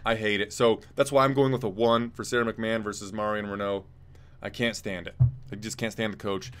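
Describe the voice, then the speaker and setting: A man's voice: fairly low pitch, level tone, a little fast, fairly bright tone, a little hiss or hum. Rambling blunt male co-host. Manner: rambling, blunt, swears freely. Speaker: co-host rating fights. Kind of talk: casual chat.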